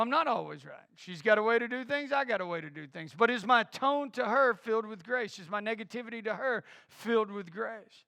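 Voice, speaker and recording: A man's voice: sits high, vocal fry, sharp tone, no echo, clean studio sound. A middle-aged man preaching a sermon as a pastor, who drives his point home with repeated rhetorical questions.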